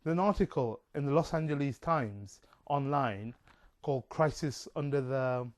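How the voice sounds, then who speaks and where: A man's voice: medium pitch, normal speed. A man talking in a rambling, casual monologue, full of fillers and digressions. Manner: chatty, digressive, many fillers.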